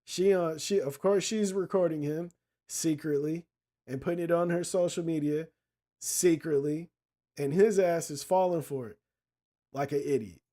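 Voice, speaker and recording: A man's voice: on the high side, normal speed. Profane, slangy male commentator. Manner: blunt, profane, animated storytelling with street slang. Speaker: podcast host. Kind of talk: casual commentary monologue.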